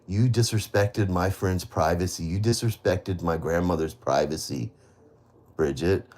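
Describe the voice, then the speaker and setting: A low-pitched man with a darkish tone rants on a live stream at a measured pace. He bitterly blames certain people, repeating his accusations, swearing a great deal, and rambling with frequent restarts to his viewers.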